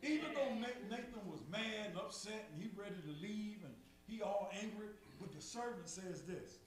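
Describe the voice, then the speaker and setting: In a church sanctuary, a high-voiced man preaches at a moderate pace, repeating phrases in a call-and-response sermon as his fervor builds. Captured from a distance, the audio is echoey with a faint hum.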